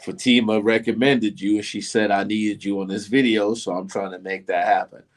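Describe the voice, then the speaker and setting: Animated New storyteller, middle-aged man. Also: fairly low pitch, moderate pace. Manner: animated, acts out voices in his story. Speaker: interview guest. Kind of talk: casual storytelling.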